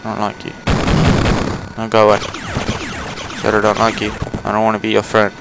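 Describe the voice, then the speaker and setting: Gravelly young man gaming. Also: lowish voice, monotone, a little fast. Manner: chatty, swears at enemies, rambling fillers. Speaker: gaming channel host. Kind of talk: casual let's play commentary. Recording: noisy home recording.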